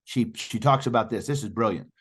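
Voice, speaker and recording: A man's voice: on the low side, a little fast, husky. A middle-aged man speaking emphatically as a podcast guest, persuading the host and calling him by name. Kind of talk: animated interview talk.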